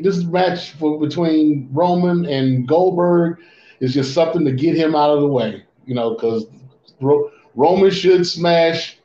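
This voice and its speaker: Mellow laid-back male co-host. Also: on the high side. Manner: laid-back, repeats and restarts phrases. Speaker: podcast co-host. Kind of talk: casual chat about wrestling. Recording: muffled roomy lo-fi audio.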